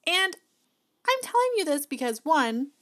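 A woman's voice: high voice, sing-song, unhurried, fairly bright tone. A woman hosting her own podcast, talking casually and encouragingly with frequent laughs, recorded on a podcast mic. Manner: chatty, upbeat, encouraging, laughs often. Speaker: podcast host and business coach. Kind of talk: casual motivational podcast talk. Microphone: podcast mic plugged into an audio box.

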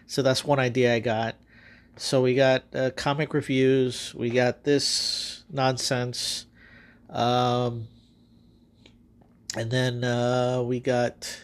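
A man hosting a podcast, casually recapping his own stories in a loose, rambling way with frequent fillers and swearing. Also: medium pitch. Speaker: podcast host. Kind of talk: casual storytelling monologue.

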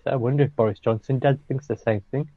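A man's voice: mid-range voice, steady tone, fast talker, dry recording. A man co-hosting a podcast, dropping dry, wry one-liners in casual banter. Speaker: podcast co-host. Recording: dull, dry lo-fi mic.

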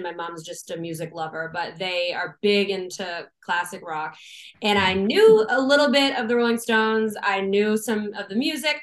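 A young woman from Boston, a guest musician chatting casually on a podcast, animated and quick to laugh. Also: mid-range voice. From Boston, USA. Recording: roomy echo.

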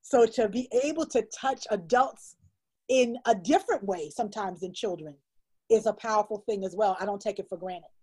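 A woman's voice: mid-range voice, normal speed, dark tone, breathy edge, rough recording. A woman speaking as an illustrator and storyteller guest in an interview, talking with heartfelt emphasis and repeating phrases for stress.

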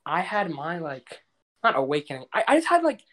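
A man's voice: on the high side, wildly swooping pitch, brisk, fairly bright tone. Young man, podcast co-host, casual chat, rambling, lots of fillers.

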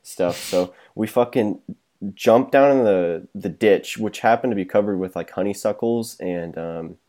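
A man's voice: fairly low pitch, measured pace, dark tone. A young man in casual podcast chat, rambling through a story with lots of swearing and laughter. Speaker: podcast co-host.

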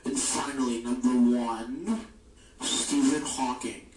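A man's voice: medium pitch, fairly even intonation, slow pace. A man announcing a countdown list in a mock-serious tone in a short video clip. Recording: roomy, distant, noisy phone video.

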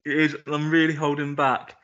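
A man's voice: fairly high pitch, monotone, fairly quick, highs cut off, a crowd in the background. A man co-hosting a podcast, teasing his partner dryly and holding his ground in casual banter. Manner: dry, teasing, stubborn. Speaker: podcast co-host.

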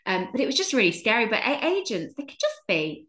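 An actress telling stories in a chatty, animated way on a podcast. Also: female voice, a little high, brisk. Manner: chatty storyteller, animated, swears. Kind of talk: casual chat.

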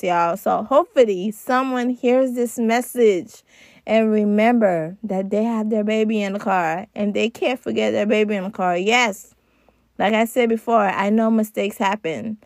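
Brief: unhurried young woman, chatty mom podcaster, y'all to listeners. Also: medium pitch, gravelly, dry recording, clean studio sound. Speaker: podcast host. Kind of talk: casual chat.

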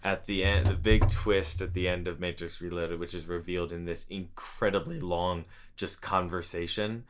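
A man's voice: deep voice, fairly even intonation, normal speed, noisy background. A man co-hosting a casual movie podcast, rambling and often restarting his sentences. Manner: rambling, self-interrupting, laughs at himself. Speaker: podcast co-host.

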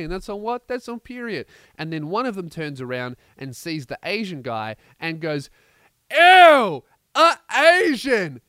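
A man hosting a podcast, telling a comedic story in a brash, profane, animated way with mocking asides. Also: medium pitch, smooth, dry recording. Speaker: podcast host.

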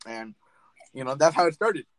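A young man tells a long, rambling story to a friend on a podcast, cursing freely and laughing along with himself. His voice sits a little high for a man. The recording is close and dry, with no room sound. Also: animated, normal speed, dry recording, low-quality recording. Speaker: podcast host. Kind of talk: casual chat.

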